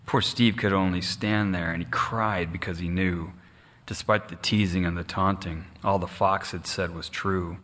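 A man narrating a rhyming storybook in a measured, expressive way. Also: low voice.

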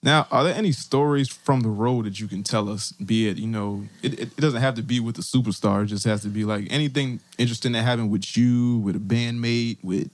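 A man's voice: mid-range voice, fairly quick, few pauses, dry recording. A man hosting a casual podcast, bantering loosely with a guest, joking and swearing freely. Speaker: podcast host.

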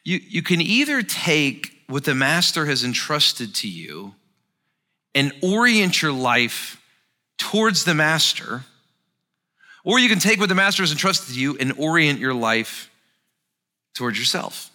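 Bright, animated male preacher. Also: fairly high pitch, a little slow. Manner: expressive, dramatizing the text. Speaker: pastor. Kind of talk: sermon.

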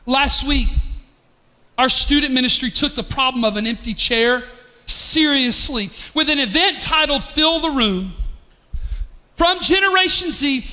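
Man, pastor, animated sermon, piercing bright tone, long church reverb. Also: very high-pitched. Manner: animated preaching, often raising to a shout. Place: church sanctuary.

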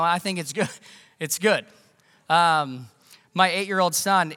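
This is a man in his thirties preaching a sermon, earnest and conversational, with frequent restarts. His voice sits high and sounds bright and forceful. It rings with the long reverb of a church hall. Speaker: pastor. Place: church sanctuary.

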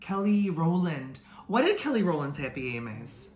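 A man's voice: a little high, big pitch swings, brisk, darkish tone. A man co-hosting a podcast in casual chat, blunt and gossipy. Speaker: podcast co-host. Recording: echoey room with faint noise.

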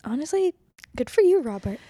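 A woman co-hosting a podcast in casual chat, reacting with quick exclamations and agreement. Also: high-pitched, big pitch swings, warm tone, no room sound, clean studio sound. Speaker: podcast co-host.

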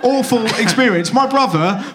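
A man from Somerset, a comedian guest telling sweary, animated anecdotes on a live stage. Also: very high voice, normal speed, a crowd in the background. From Somerset, England. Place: theatre stage before a live audience. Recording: noisy live theatre recording.

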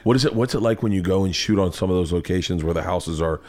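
A man hosting a casual interview podcast, joking and firing quick follow-up questions. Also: sits low, a little mellow. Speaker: podcast host.

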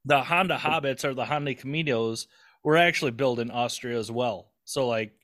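A man's voice: medium pitch, moderate pace, a bit bright. A man in his forties hosting a laid-back podcast interview. He rambles, pokes fun at himself and drops the odd curse word into his loose, chatty delivery. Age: 40s. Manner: rambling, self-deprecating, swears casually. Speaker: podcast host.

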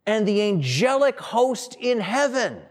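A man preaching a sermon in a slow, dramatic way, with long pauses and phrases that fall away at the end. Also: sits high, very animated. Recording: long hall reverb.

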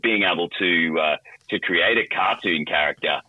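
A middle-aged voice actor in a casual interview, talking animatedly with lots of restarts. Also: male voice, sits low, normal speed, husky, dry recording, highs cut off. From Australia. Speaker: voice actor and guest.

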